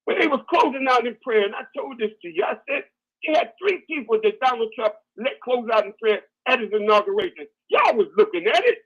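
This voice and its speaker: Man, high lively voice, husky, call-in radio host, folksy preaching, dull lo-fi sound. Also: fairly quick. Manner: folksy storytelling, rising to shouted preaching. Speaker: radio talk show host.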